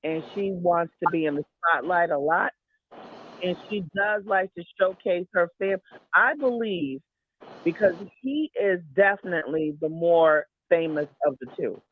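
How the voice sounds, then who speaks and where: A man's voice: sits high, unhurried. A man calling in to a talk show, giving rambling, opinionated takes and repeating himself. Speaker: caller. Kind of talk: casual opinionated chat. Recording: tinny phone line with faint hiss.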